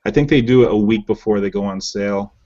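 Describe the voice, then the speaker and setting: A man with a fairly low voice hosts a casual online hangout, chatting loosely through comments with lots of ums. His call audio sounds muffled and lo-fi. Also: fast talker. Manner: relaxed, chatty, filler-heavy. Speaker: host reading viewer comments. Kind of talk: casual live hangout chat. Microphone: video call. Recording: dull lo-fi web call audio.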